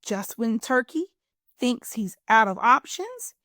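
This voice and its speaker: A woman hosting a children's storytime, reading a picture book aloud in a playful, expressive way. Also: fairly high pitch, dry recording, studio quality. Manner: expressive, playful, drawn-out delivery.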